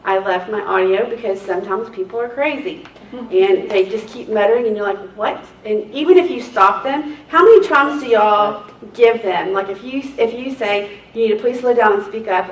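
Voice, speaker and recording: A woman, a court reporter, tells lively stories to a seminar group and acts out the people she quotes. Her voice sits fairly high. The room is echoey, the mic is some way off, and a faint hiss sits underneath. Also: normal speed, recorded from a distance. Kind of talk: anecdotal seminar talk to a group.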